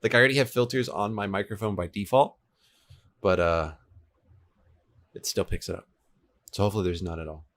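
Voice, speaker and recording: This twenty-something livestreamer talks a little fast in a low but fairly bright voice, leaving long pauses. Relaxed and talkative, he replies to chat as he codes a game server at home, an air conditioner humming in the room. His desk setup alternates between two microphones.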